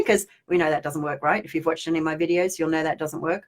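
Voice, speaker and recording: A woman's voice: on the low side, quick pace, few pauses. A woman spiritual teacher giving a chatty, rambling live-streamed talk and reading viewer comments aloud.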